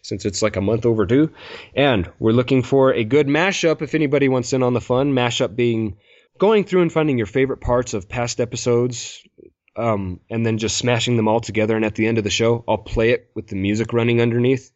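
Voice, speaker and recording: A man's voice: mid-range voice, brisk, darkish tone, no room sound. Rambling, laughing male podcast host. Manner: rambling, laughs often, reads listener mail. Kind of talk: casual podcast chat. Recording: dull lo-fi podcast mic.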